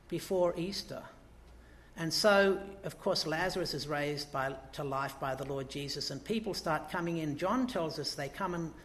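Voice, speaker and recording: A man's voice: fairly high pitch, echoey room, a little hiss or hum. A man preaching a sermon in a conversational way, asking the congregation rhetorical questions and acting out quotes.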